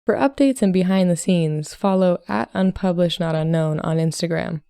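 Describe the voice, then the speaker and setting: Calm, low-voiced woman narrator. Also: vocal fry, clear, resonant tone, no room sound, studio quality. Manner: calm, measured storytelling. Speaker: podcast host and story reader. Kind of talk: scripted narration.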